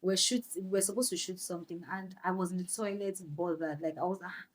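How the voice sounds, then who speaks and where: A young Nigerian woman with a Nigerian accent, a guest on a podcast, telling her story in a lively way, slipping into Pidgin phrases and laughing. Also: fairly low pitch, a little fast. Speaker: guest actress. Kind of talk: podcast interview.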